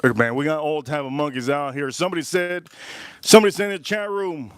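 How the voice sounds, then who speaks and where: With a smooth, slightly high voice and a quick pace, this man hosts a casual cooking livestream at an outdoor grill. He jokes loosely, chats with viewers and reads their super chats aloud.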